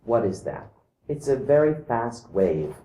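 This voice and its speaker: A man giving a calm explanatory talk to camera. He mimics vibrations by singing short "da" syllables. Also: medium pitch, measured pace, echoey room, a little hiss or hum, low-quality recording. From outside Iceland.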